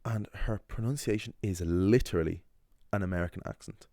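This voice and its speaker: Young guy, deep voice, chatty rambly monologue, dry close sound. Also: brisk, mellow, no room sound. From Ireland. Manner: rambling, conversational, many fillers and restarts. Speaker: language channel host. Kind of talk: casual talking-head monologue.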